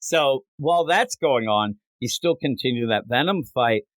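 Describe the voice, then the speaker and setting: A man hosting a comic book podcast in casual chat, animated and acting out characters in silly voices. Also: medium pitch, moderate pace, no echo.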